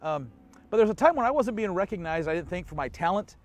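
A man's voice: sits high, sing-song, fast. A man pastor giving an online church sermon in a conversational way, asking the listener questions and chuckling often.

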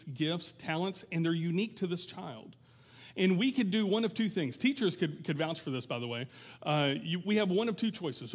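Slightly high and husky, this man's voice belongs to a pastor, an adult parent, preaching a conversational sermon at church. He acts out examples by switching into quoted voices.

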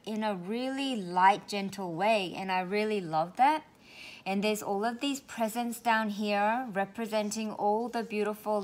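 A woman craft vlogger living in Australia opens crafty mail and gushes over it casually, often repeating words for emphasis. Her voice is mid-range.

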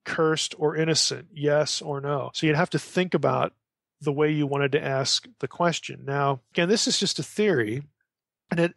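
A man's voice: a little high, a bit bright, no room sound, clean studio sound. A man giving an informal lecture on scripture, talking conversationally, often restarting phrases and reading passages aloud. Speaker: Bible scholar lecturing.

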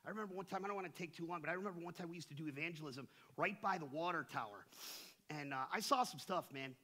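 A middle-aged male pastor preaches in a church with a bright, forceful tone and a slightly husky edge. His pitch sits somewhat high for a man. He talks like someone on the street, full of slang, and swings from near-whispers to loud passion. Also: quick pace. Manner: impassioned, swings from hushed to shouting. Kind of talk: sermon. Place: church sanctuary.

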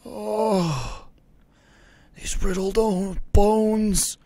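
A young man doing comedic gameplay commentary, acting out melodramatic mock grief. He swings between shouts and mutters and swears freely. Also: sits high, steady tone, very slow, no room sound. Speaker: let's play gamer.

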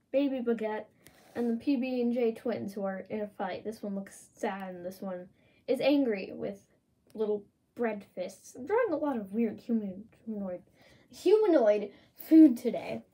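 Playful woman doodle-vlogger, higher pitch, soft husky tone, casual chatty delivery. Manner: playful, chatty, reads prompts in lively voices. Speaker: art channel creator. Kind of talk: casual drawing commentary.

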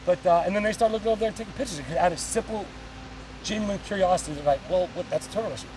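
A fast-talking man hosts a casual vlog outdoors, chatty and quick with opinions. His voice sits a little high and is picked up from some distance, with faint outdoor noise behind it. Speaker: host of the channel. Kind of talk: casual on-location vlog talk.

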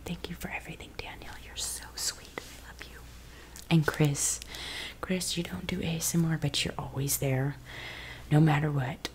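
A woman's voice: low voice, steady tone, normal speed. A woman chatting in whispers for ASMR, close to the mic, rambling casually and cussing now and then. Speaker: ASMR creator. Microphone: close ASMR microphone.

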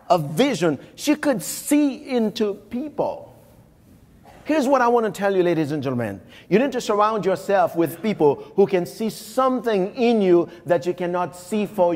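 Emphatic keynote speaker in a reverberant hall. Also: male voice, high-pitched. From Haiti. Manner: emphatic, repeats phrases, addresses the crowd directly. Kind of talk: live keynote speech to an audience. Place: large conference hall. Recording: long hall reverb from a conference room.

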